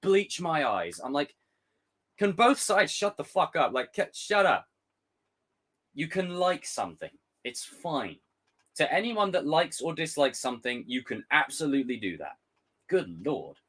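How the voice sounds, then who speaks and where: A man's voice: a little high, very animated, unhurried, fairly bright tone. A man hosting a casual live stream, ranting and swearing freely, mimicking others in exaggerated voices. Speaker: YouTube host reacting to a trailer. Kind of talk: casual livestream chat.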